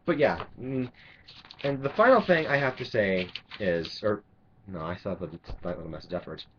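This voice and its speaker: A man's voice: fairly low pitch, lively intonation, moderate pace. A man delivering an angry, sarcastic, profanity-laced rant to camera, rambling with restarts. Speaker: vlogger. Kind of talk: ranting monologue. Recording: dull lo-fi recording.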